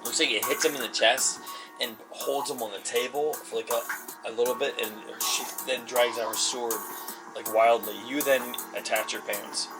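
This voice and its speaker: A man's voice: medium pitch, fairly even intonation, normal speed. Casual male game master, rambling narration, distant mic, music underneath. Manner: rambling, laughs often, many fillers. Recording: far from the mic, music behind.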